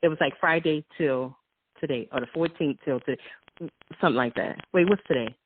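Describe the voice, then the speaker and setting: A woman's voice: deep voice, fairly quick, a little hiss or hum. Rambling woman on a phone line. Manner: rambling, giggly. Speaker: co-host. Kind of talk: casual chat. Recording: tinny phone-line sound.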